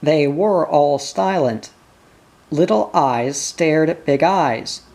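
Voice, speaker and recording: A reader reading a children's novel aloud in a measured, gentle, unhurried way. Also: mid-range voice, animated, gravelly. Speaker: audiobook reader.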